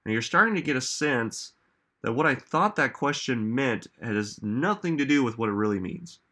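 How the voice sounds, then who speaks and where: Bright-toned man asking rhetorical questions. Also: mid-range voice, lively intonation, moderate pace. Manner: musing, asks many rhetorical questions. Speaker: self-help speaker. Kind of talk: reflective motivational talk.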